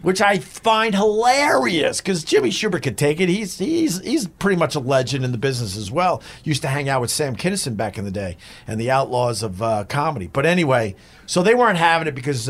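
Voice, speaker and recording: A middle-aged man, a former radio host, telling a rambling, profane story as a guest. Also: medium pitch. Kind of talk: casual storytelling.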